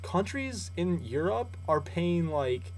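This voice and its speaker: A man's voice: very animated, slow, rough recording. Chatty young guy doing vlog news. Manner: chatty, jokey, swings from loud rants to low asides.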